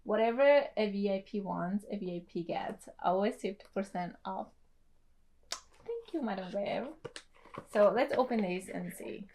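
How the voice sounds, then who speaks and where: A young adult woman, a native Tetum speaker, chatting excitedly through an unboxing vlog with lots of gushing and laughs. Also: mid-range voice, unhurried, slight background noise. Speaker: beauty vlogger.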